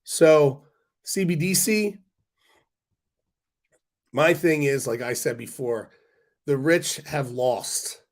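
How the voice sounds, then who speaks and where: A man's voice: fairly high pitch, slow, pauses often. A man hosting a stock market livestream, talking to viewers in a rambling, blunt, irreverent way with casual swearing, his voice worn and congested.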